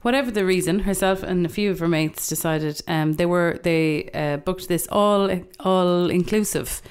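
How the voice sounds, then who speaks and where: An Irish woman co-hosting a podcast, talking in a measured, wry way. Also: on the low side, clear, resonant tone. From Ireland. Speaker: podcast co-host. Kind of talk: casual podcast chat.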